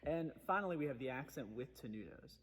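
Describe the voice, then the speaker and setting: A man's voice: medium pitch, animated, quick pace, fairly bright tone, in a large hall, faint music behind. A man giving a methodical trombone lesson, explaining articulation step by step. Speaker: trombone teacher. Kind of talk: instructional music lesson.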